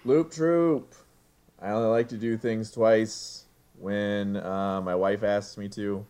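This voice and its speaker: Deep slow guy cohosting a podcast, jokes around, laughs a lot, restarts his sentences. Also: steady tone, a little mellow, clear, resonant tone. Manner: jokey, laughs often, halting restarts. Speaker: podcast co-host. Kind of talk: casual podcast chat. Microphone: remote recording setup.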